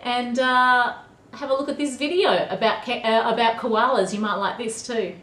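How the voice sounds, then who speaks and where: A woman's voice: fairly high pitch, fairly even intonation, normal speed, a bit bright, roomy sound. An Australian woman talking chattily to a class of kids, upbeat and teacherly. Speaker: vlogger answering kids' questions. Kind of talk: casual video message to a class.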